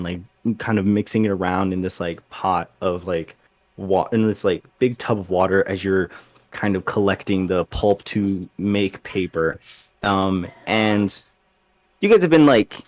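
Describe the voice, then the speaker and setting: GM narrator, man, lowish voice, casual rambling delivery, dry close recording. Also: no room sound. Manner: loose, filler-heavy narration with many "like"s. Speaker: game master. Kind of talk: narrating a tabletop game.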